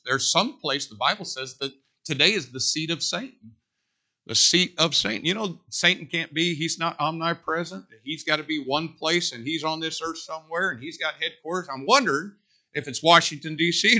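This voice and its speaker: A male pastor preaching a sermon in a folksy style that builds to loud, emphatic peaks. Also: on the high side.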